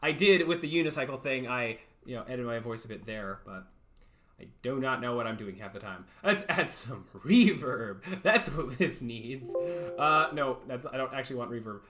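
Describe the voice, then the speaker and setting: A man's voice: medium pitch, lively intonation, moderate pace, sharp tone, soft background music. A young man chatting casually on a livestream, rambling, self-deprecating and laughing often.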